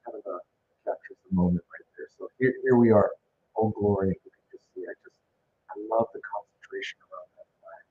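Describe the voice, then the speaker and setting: An enthusiastic man with a fairly low voice talks through a slideshow of event photos in a loose, rambling way, full of fillers and asides. The recording sounds dull and lo-fi, with a faint hiss underneath. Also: fairly quick. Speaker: organizer narrating event photos. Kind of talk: casual photo slideshow commentary.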